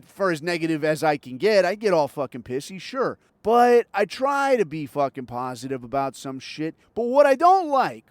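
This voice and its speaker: An older man from Southern California rants through a profane, sarcastic monologue while driving. His voice sits high for a man. The sound is dry, with no room echo around it. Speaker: podcast host.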